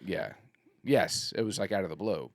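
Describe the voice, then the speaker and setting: A man's voice: deep voice, moderate pace, creaky, dry recording, studio quality. A man co-hosting a podcast, chatting casually and nodding along with frequent yeahs. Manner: animated, says "yeah" a lot. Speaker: podcast co-host. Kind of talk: casual chat.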